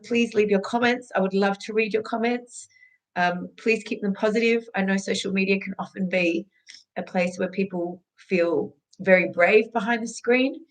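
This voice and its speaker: A woman's voice: mid-range voice, rough recording. A woman with an Australian accent, a fitness instructor speaking earnestly and emotionally in a candid personal vlog. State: tearful, emotional.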